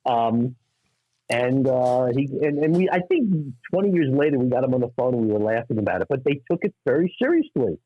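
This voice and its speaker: A middle-aged man from New York, a stand-up comic telling anecdotes in an animated way and acting out the people in them. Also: mid-range voice, no room sound, narrow, tinny audio. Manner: acts out voices in anecdotes, quick asides. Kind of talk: animated storytelling.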